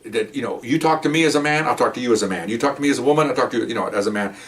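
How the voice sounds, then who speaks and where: A man's voice: medium pitch, rapid-fire, far from the mic. An older man, a retired police officer, animatedly telling a personal story and acting out the scene. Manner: animated, acts out the scene with gestures.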